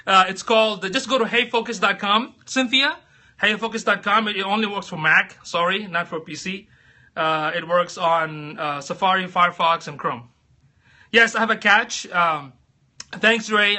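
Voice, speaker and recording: Man, high voice, very bright tone, chatty livestream host, laughs a lot, greets viewers. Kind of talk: casual livestream chat.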